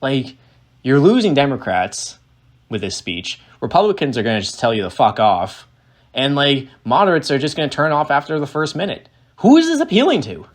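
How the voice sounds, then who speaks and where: A man's voice: medium pitch, very animated, normal speed. A man giving casual reaction commentary on a political speech, ranting in a sarcastic, profane, exasperated way.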